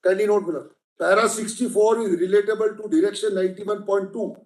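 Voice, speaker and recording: This is courtroom legal argument from a man with an Indian English accent, speaking a little fast in a high, slightly mellow voice with fairly even intonation. The room echoes as he presses his case emphatically, calling the judges "my lord" again and again.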